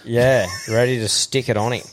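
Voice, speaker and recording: An Australian man co-hosts a podcast in a voice of middling pitch, blunt and swearing freely in casual banter. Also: steady tone, moderate pace. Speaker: podcast co-host. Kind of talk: casual chat.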